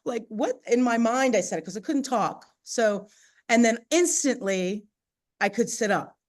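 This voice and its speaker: A woman as a podcast guest, telling a personal story in animated, chatty conversation with frequent fillers. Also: a little high, measured pace. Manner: animated, chatty, laughs often, many "you know" and "right?" fillers.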